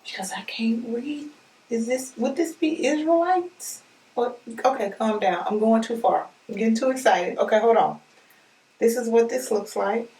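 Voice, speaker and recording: An excitable unboxing vlogger with a fairly high voice gushes through a casual unboxing chat, talking straight to her viewers at normal speed. The mic is at a distance, so she sounds a little far off, and the room echoes around her.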